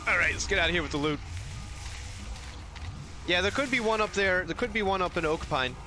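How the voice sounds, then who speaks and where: A man's voice: high-pitched, animated, a little fast, pushed and bright, slight background noise. A man streaming a game, chatting casually and telling rambling, joking stories between play. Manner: joking, rambling storyteller who acts out quips. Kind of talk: casual gaming stream commentary.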